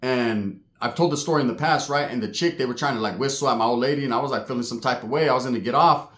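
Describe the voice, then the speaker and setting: A man telling a true paranormal story in a casual, streetwise way, swearing freely and getting animated. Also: mid-range voice, quick pace. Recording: echoey room.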